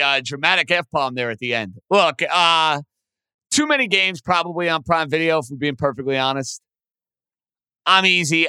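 A man's voice: on the high side, pushed and bright, clean tone, no echo. A man hosting a sports talk podcast, giving opinions in an emphatic, conversational way.

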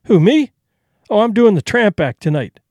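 A man's voice: high voice, very animated, normal speed, darkish tone, dry recording, clean studio sound, pitched above the performer's own voice. A man voicing a brash young male vaudeville tramp comic who talks in boastful, breezy slang.

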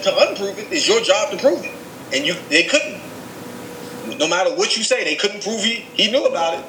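Male sports podcast co-host, somewhat high voice, insistent debater, recorded in an echoey room. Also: sharp tone, slight background noise. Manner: insistent, repetitive arguing.

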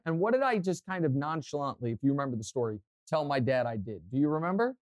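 A man's voice: medium pitch, fast, no room sound. Man ranting on a dry mic. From Kansas City, US. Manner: animated, opinionated storytelling. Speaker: podcast co-host. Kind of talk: casual sports talk.

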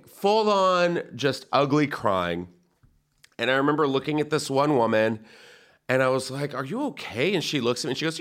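Animated man telling a campy story. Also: medium pitch. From San Antonio, Texas. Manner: animated, camp, laughing at own jokes. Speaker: podcast host. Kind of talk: casual comedic storytelling.

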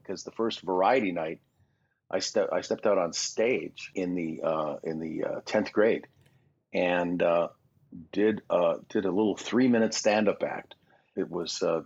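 A Canadian voice actor in his sixties, guesting on a casual podcast interview, tells rambling, self-deprecating stories about his past in a low voice with a breathy edge. The recording is dull and lo-fi.

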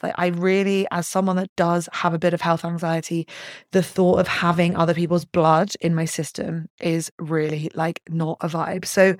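A young woman hosting a solo podcast, telling a story in an animated way, swearing and laughing as she goes. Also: fairly low pitch, no room sound, clean studio sound. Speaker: podcast host.

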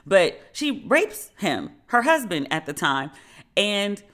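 Vlogger: a woman talking to camera, candid and slangy, loose rambling review with asides, mid-pitched voice. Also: sing-song, slow pace, fairly bright tone. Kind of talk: casual review monologue.

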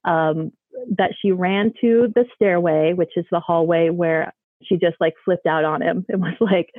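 Over a dry, tinny line that sounds like a phone call, a guest shares a ghost story of her own, casual and meandering with frequent "like"s and "um"s. She speaks at normal speed in a low, steady voice.

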